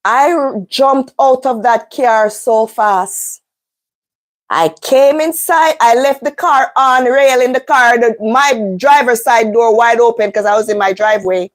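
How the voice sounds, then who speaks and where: High-voiced woman telling a story. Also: measured pace. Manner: animated storyteller, acts out voices. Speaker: vlogger, mother of a schoolboy. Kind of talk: casual storytime chat.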